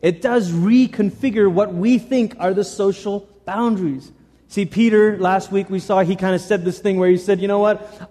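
High, mellow-voiced man preaching. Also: moderate pace, long reverb tail. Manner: animated preaching, repeats phrases for emphasis. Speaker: pastor. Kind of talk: sermon.

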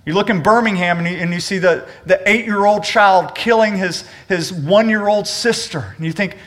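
A man's voice: sits high, normal speed, fairly bright tone. A man preaching a sermon as pastor of a church, reading scripture and praying, earnest and emphatic, repeating words as he stresses a point and speaking straight to the congregation. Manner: addresses the congregation directly. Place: church service.

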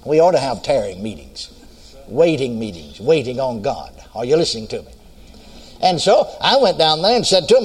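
A man's voice: medium pitch, sing-song, moderate pace, darkish tone, slightly rough. An older man from the United States preaching a sermon, telling a story and asking the congregation if they are listening. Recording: long hall reverb.

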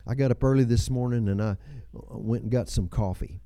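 A man's voice: medium pitch, normal speed, gravelly, mellow, dry recording. A man in his seventies preaching a sermon, with folksy storytelling, chuckles and personal asides. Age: 70s. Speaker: pastor.

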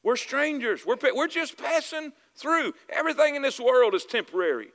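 A man's voice: very high-pitched, expressive, moderate pace, fairly bright tone. A man with a Southern US accent preaching a sermon, calling out for amens and repeating his phrases for emphasis. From Southern United States. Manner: calls for "amen" and "y'all with me", repeats phrases for emphasis. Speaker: pastor. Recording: preaching in a reverberant hall.

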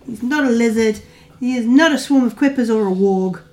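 A woman acting as game master of a tabletop game, calling rolls and damage with quick fillers. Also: on the high side, darkish tone, slight background noise. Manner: brisk rules calls with fillers.

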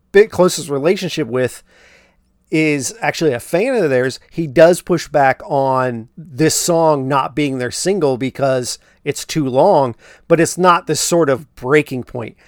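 A man's voice: medium pitch, measured pace, no room sound. Chatty man recapping a movie, dry sound. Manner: chatty, fillers, asides on what really happened. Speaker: podcast host. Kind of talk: casual film recap.

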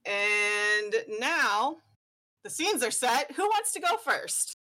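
A woman game master narrates a tabletop role-playing game in a chatty, giggly way, full of fillers. Her voice is slightly high and strikingly bright. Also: big pitch swings, takes it slowly.

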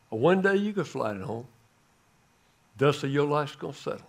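Dramatic older male preacher, high voice. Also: very animated, moderate pace, gravelly, pauses often. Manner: dramatic storytelling, swinging from loud to hushed. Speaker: guest preacher. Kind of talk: sermon.

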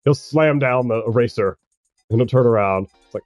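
A man's voice: mid-range voice, moderate pace, darkish tone, no room sound, studio quality, soft background music. A man narrating as game master of a tabletop game, hesitant and often restarting, with laughs.

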